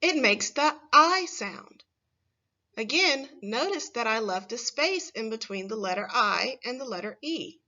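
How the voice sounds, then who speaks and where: Slow, bright-voiced woman teaching phonics. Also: a little high, lively intonation, dull audio. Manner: slow, clear, stressing single words for children to repeat. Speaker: first grade teacher. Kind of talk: phonics lesson for young children.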